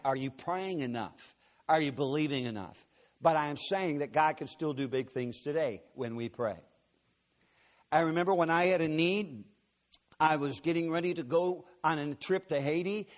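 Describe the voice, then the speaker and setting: Joking, storytelling preacher man. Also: on the high side. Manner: folksy, joking asides to the congregation. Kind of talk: sermon with storytelling.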